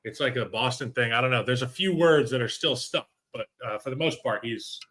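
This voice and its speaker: Guy with a bright voice telling stories on a sports podcast over zoom, loose and chatty. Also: medium pitch, brisk. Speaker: podcast co-host. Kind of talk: casual sports chat over video call. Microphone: video call.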